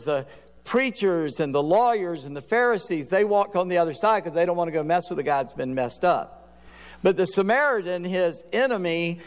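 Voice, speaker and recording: A male pastor giving a sermon in a conversational preaching manner, with quick asides to his listeners. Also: high-pitched, in a large hall.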